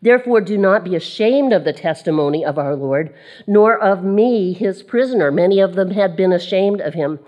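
A woman's voice: mid-range voice, lively intonation, normal speed, a little mellow, highs cut off. A woman preaching a sermon to women, reading scripture and repeating key phrases for emphasis. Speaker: women's ministry speaker.

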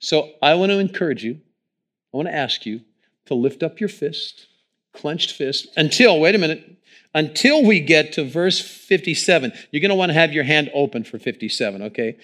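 Guy preaching in church on a mic, kinda high voice, goes quiet then loud. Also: animated, normal speed. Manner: preaching with swings between hushed and loud. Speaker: pastor. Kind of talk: sermon. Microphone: microphone.

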